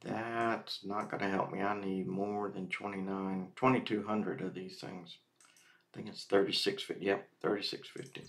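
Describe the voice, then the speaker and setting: A man streaming a game, slowly talking himself through his moves in a casual way. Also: deep voice, flat delivery, creaky, fairly bright tone. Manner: slow, muttering to himself. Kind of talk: casual gameplay commentary.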